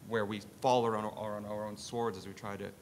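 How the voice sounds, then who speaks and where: A man's voice: level tone, brisk. A man speaking on a conference panel, making his points with emphatic rhetorical questions. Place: conference session room. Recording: faint background rumble.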